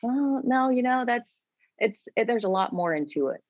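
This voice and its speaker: A woman's voice: fairly high pitch, moderate pace, dry recording. A woman in her forties from Florida, candidly telling her story in a casual interview and acting out what she and others said. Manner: candid, conversational, quotes herself in lively voices. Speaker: guest. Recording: dull lo-fi sound, dry.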